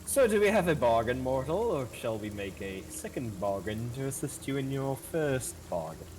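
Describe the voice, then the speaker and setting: A man's voice: mid-range voice, very animated, moderate pace, darkish tone, slight background noise, lightly acted. A man voicing a smug fey creature who offers bargains in a grand, teasing manner. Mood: sly.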